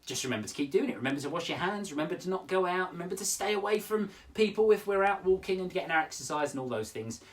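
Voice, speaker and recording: A man's voice: high-pitched, quick pace, hardly any pauses, recorded from a distance. A man hosting a poetry show for children from home, talking playfully and directly to the kids watching. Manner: animated, playful and expressive, addressing kids directly. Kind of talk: lively children's show presenting.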